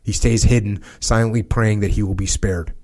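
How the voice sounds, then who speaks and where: A man hosting a podcast, reading a wartime account aloud in a measured, grave way, with small slips and restarts. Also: fairly low pitch, steady tone, darkish tone. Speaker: podcast host.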